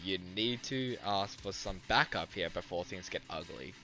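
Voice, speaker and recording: A man's voice: low-pitched, normal speed, pushed and bright, faint music behind. A man reading a game's narration aloud with a wry, teasing manner, stumbling over words now and then. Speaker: friend reading narration on a stream. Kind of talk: reading game narration aloud, casual chat.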